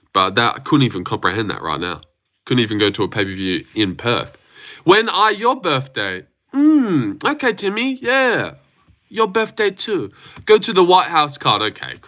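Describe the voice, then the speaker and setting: A young man hosting a casual livestream teases his chat with self-mocking banter, his voice fairly low with a sharp tone.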